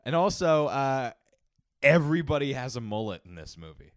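A man's voice: mid-range voice, big pitch swings, normal speed, no echo, clean studio sound. A young man co-hosting a podcast, chatting casually about a movie and joking with filler words. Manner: joking, laughs often, filler-heavy. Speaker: podcast co-host. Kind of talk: casual movie review chat.

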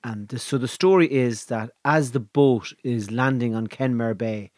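An Irish man with a medium-pitched voice, telling an old legend in a hushed, measured way and leaving dramatic pauses. The sound is close and dry, with no room around it. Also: no room sound. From Ireland. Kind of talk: casual storytelling.

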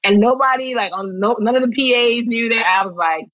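A woman guest in an interview, telling stories in a lively way, acting out what people said and laughing often. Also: medium pitch, moderate pace, no echo, dull audio. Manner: animated storytelling, acts out quotes, laughs often. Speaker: actress guest. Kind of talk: casual interview chat.

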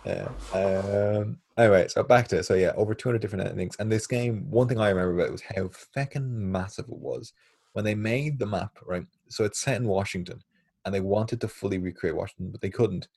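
An Irish man co-hosting a podcast in casual chat, talking fast and laughing often. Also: fairly low pitch, gravelly, darkish tone, slightly rough, no echo. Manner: chatty, laughs often, swears lightly. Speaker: podcast co-host.

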